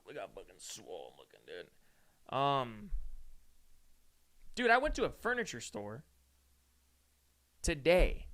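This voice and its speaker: A young man with a bright, forceful voice on the high side hosts a casual solo chat for his podcast. He's from Austin, Texas, and he rambles profanely, keeps saying "dude," and comes across as sore and yawning.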